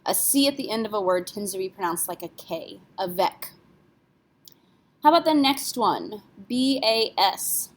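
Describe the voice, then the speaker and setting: A woman's voice: mid-range voice, animated, a little fast, hardly any pauses. A woman teaching French pronunciation in a patient lesson, spelling words out letter by letter. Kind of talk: classroom lesson explanation.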